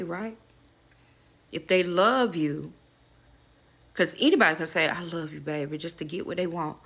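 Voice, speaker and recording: Candid woman preaching casually, low bright voice. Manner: candid, preachy, swears freely, addresses viewers as y'all. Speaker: spiritual advisor and channel host. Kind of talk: casual inspirational talk to viewers.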